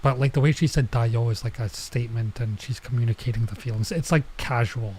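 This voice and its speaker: A man's voice: mid-range voice, fast talker, darkish tone, husky. A man running a casual Japanese lesson, reading manga lines aloud and translating them with lots of filler words. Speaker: vtuber teaching Japanese.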